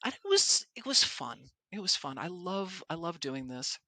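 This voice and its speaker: Podcast host, woman; animated storyteller, bright tone, dry close sound. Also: on the low side, moderate pace, no room sound. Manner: animated storyteller who acts out quotes. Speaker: podcast host and presentation coach. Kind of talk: casual podcast chat.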